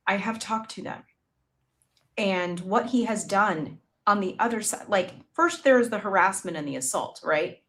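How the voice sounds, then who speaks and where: A woman's voice: medium pitch, lively intonation, measured pace, a bit bright. A middle-aged woman co-hosting a political talk show, impassioned and indignant, often stammering into her points. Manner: impassioned and indignant, with stammered restarts and sarcastic quoting. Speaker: podcast co-host. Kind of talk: political commentary chat.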